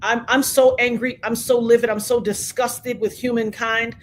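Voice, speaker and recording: A woman livestream host in an angry rant, shouting, repeating herself and near tears with rage. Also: a little high, flat delivery, normal speed, slight background noise. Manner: furious, shouting, repetitive.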